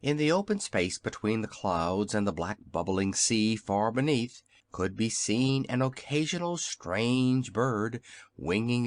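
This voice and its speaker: A man narrating a classic children's storybook as an audiobook, in an expressive storytelling manner. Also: fairly low pitch, dry recording. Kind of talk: scripted narration.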